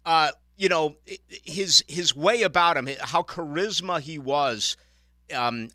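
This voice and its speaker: A man hosting a sports radio show, interviewing a guest in a brisk, friendly way. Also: fairly high pitch, pushed and bright, dry recording. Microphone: studio microphone.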